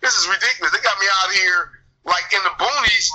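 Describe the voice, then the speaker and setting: Guy with a high bright voice cussing and ranting, super animated. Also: fast talker, rough recording. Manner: profane, animated storytelling. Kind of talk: casual chat.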